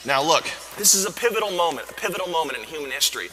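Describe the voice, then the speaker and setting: A man giving a parody motivational talk to a university audience, bombastic and erratic, with sudden shouts. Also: on the high side, animated, very fast, few pauses, a little hiss or hum. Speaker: comedic stage speaker. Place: university auditorium. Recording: echoey hall with faint ambience.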